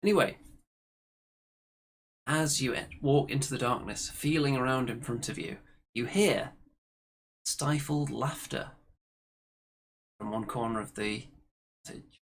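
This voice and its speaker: A man's voice: medium pitch, unhurried, long pauses, slight background noise. A man narrating a tabletop game as game master, dramatic and storytelling.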